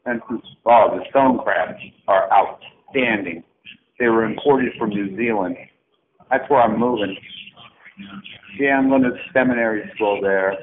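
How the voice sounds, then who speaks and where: A man's voice: on the low side, animated, a little slow, long pauses. A middle-aged man leaving a profane, mocking, erratic rant with sarcastic swings, as on a phone message. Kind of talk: angry rambling phone message. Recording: tinny phone line with faint hiss.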